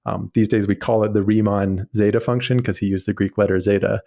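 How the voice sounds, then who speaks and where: A man's voice: fairly low pitch, fairly even intonation, brisk, creaky, warm tone. A man, a guest mathematician, explaining ideas eagerly in casual chat with frequent fillers.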